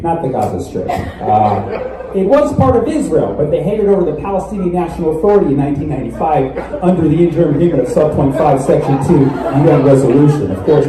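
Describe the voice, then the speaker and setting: A man performing stand-up comedy, telling a story in a rapid, mock-pedantic way. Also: fairly high pitch. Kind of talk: stand-up set. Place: live comedy venue with audience. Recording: distant, roomy live club audio with loud crowd.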